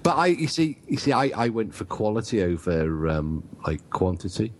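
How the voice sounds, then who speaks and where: A man's voice: lowish voice, moderate pace. A man, co-hosting a podcast over a call, rambling and wry in self-deprecating banter. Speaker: podcast co-host. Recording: remote call audio.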